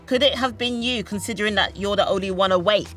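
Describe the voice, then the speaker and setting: A woman's voice: medium pitch, fast, a bit bright, faint music behind, natural voice. A woman voicing a bumbling male detective who makes pompous, obvious remarks. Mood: suspicious.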